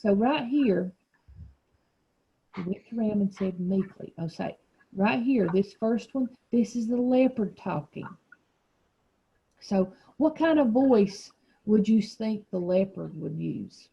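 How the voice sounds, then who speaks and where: A woman's voice: mid-range voice, takes it slowly, gravelly, long pauses, breathy edge, highs cut off. A woman teacher leading a reading lesson for young children, explaining patiently and encouraging them.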